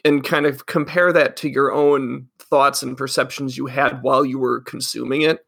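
Gravelly, bright-voiced podcast co-host man. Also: mid-range voice, flat delivery, normal speed. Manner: chatty, gives advice with many fillers. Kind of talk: casual podcast chat.

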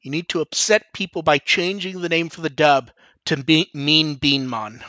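Speaking at normal speed, a man hosting a podcast chats casually and rambles, full of fillers, frequent "like," restarts, and casual swearing. His bright, tense voice sits a little high, captured in a dry, close, lo-fi recording with no echo or room sound.

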